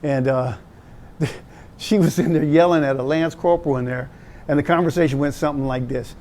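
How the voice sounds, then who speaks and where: A pastor in his fifties talks to young people with an animated, teasing style. His voice sits fairly high for a man and jumps around as he tells stories. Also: a little fast. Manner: animated, joking, conversational storytelling.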